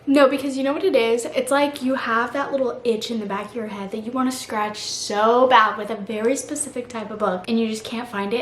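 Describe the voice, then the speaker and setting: A young woman chatting casually about books in a vlog, gushing and animated, full of slang. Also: fairly high pitch, slight background noise. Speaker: book vlogger. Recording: echoey room with faint ambience.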